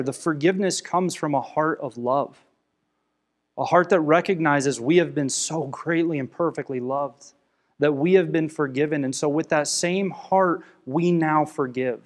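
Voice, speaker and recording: A young adult man preaching a sermon, earnest and emotional, swinging from emphatic scripture readings to quiet personal confession. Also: a little high, unhurried. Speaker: pastor.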